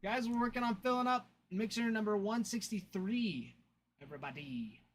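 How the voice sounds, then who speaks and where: A man's voice: very high voice, fairly even intonation, normal speed, slight background noise. A young adult man hosting a card break livestream, telling stories in casual chat, laughing often and thanking viewers.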